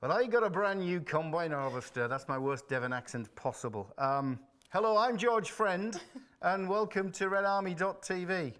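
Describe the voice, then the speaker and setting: A man doing a deliberately bad, hammy impression of a male footballer with a mock rural drawl. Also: sits high, a bit bright, pitched above the performer's own voice. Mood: jokey. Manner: hammy, self-mocking delivery.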